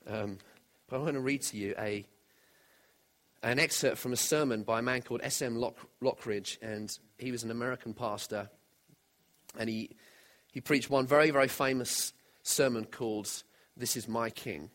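A man's voice: medium pitch, moderate pace, fairly bright tone. A man preaching a sermon in an earnest way, often putting direct questions to his listeners.

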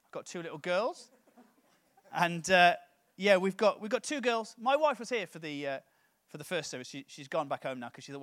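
Brief: a man preaching with comic timing, a high voice, and a bouncy, animated delivery. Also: normal speed. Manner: self-mocking, playful, animated storyteller. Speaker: comedian preaching at a church. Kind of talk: comic sermon.

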